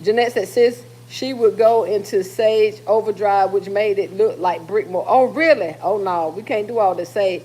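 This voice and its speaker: A woman's voice: mid-range voice, moderate pace, few pauses, dark tone, a little hiss or hum. A middle-aged woman hosting a casual live stream from her kitchen while cooking, reading viewer comments aloud and teasing them in an easygoing talky way. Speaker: livestream host.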